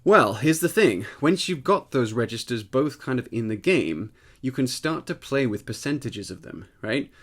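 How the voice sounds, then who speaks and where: A man giving a casual spoken singing lesson, explaining step by step and checking in with the listener, his voice tired and slightly husky. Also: medium pitch, expressive, moderate pace, few pauses. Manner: explanatory, conversational, often checks in with "right?". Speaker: voice teacher.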